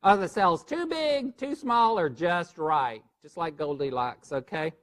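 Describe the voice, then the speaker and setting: A man lecturing a board review class in a lively, joking way, quizzing his listeners as he goes. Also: on the high side, a little slow.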